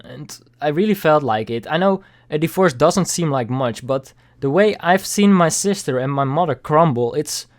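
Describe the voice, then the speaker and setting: A young man vlogging a candid personal story, halting and repeating words, with casual swearing. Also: on the high side, a little mellow.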